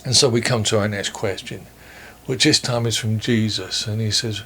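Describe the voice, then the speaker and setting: A man preaching a sermon for online worship, measured and earnest, posing questions to his listeners. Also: fairly low pitch, steady tone, pushed and bright, slight background noise. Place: church or home, recorded for online worship.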